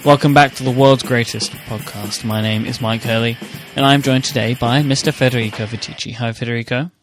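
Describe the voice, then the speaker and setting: A man's voice: mid-range voice, fairly even intonation, brisk, soft background music. A man hosting a podcast, chatting in a friendly, teasing way. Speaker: podcast host. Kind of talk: casual chat.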